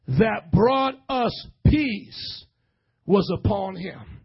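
A man pastor preaching a sermon, calling out to his congregation and building to shouts. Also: very high voice, lively intonation, slow, husky, highs cut off. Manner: preaching with rising shouts and audience call-and-response.

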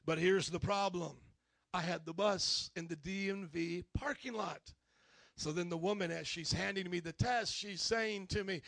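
High, gravelly, animated preaching man. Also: moderate pace, no echo. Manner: animated, acts out characters, calls to congregation. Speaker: pastor. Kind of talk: sermon storytelling.

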